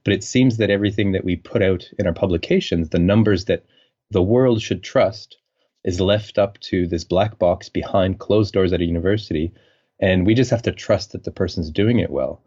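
A man's voice: deep voice, moderate pace, dark tone, muffled recording. A man from French Canada, a scientist guest on a podcast, talking in a thoughtful, rambling way with many fillers. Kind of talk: conversational interview.

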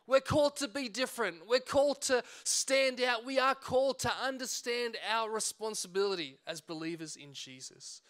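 A man, preaching a sermon and acting out a personal story with lively quoted voices. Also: very high-pitched, moderate pace, hardly any pauses. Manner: animated storytelling, acts out shouts and quotes. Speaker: pastor.

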